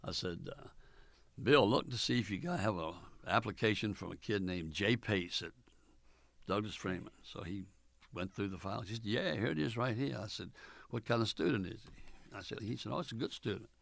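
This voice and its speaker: An older man, a former college basketball coach, telling stories in an oral history interview in a folksy, unhurried way with many fillers, acting out the dialogue. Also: fairly low pitch, creaky, a bit bright, no echo.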